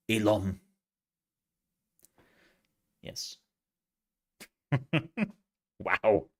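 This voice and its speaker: A man streaming a game, chatting casually in a rambling, joking way. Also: lowish voice. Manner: rambling and jokey, with restarts and laughs. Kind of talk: casual live-stream chat.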